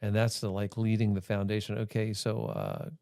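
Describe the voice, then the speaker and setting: A man hosting a faith podcast in a relaxed conversational way, filling his speech with "you know" and "like.". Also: on the low side, moderate pace, gravelly, smooth, dry recording, clean studio sound. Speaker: podcast host. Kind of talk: casual podcast discussion.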